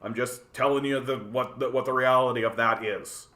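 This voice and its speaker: On a casual livestream, a Canadian man reads his chat and rants at it, animated and profane. His mid-range voice is bright and forceful at a moderate pace, and he often repeats words as he works out his point. The room around him adds noticeable echo.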